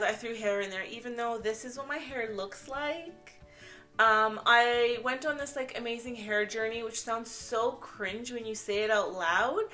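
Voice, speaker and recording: Bright chatty Canadian woman vlogger. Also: on the high side. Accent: Canadian with some British English mixed in. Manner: chatty, rambling, self-mocking. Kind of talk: casual chat to camera.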